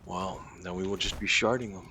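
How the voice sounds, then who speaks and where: A man's voice: low-pitched, fairly even intonation, a little fast, noisy background. A man hosting a casual game playthrough, thinking aloud with fillers and muttered asides. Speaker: gaming channel host. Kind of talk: casual let's-play commentary.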